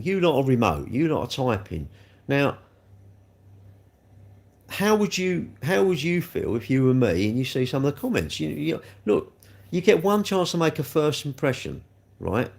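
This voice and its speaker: A man's voice: mid-range voice, gravelly. Rambling man on a live stream. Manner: rambling, repeats himself, talks straight to viewers. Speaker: livestreamer. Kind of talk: live stream chat, reacting to viewer comments.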